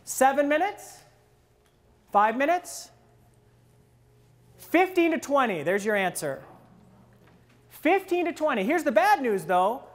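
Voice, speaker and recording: A man training people in presentation skills at a live workshop, quizzing the audience with questions and acting out listeners' wandering thoughts in a lower voice. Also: very animated, slow pace, long pauses.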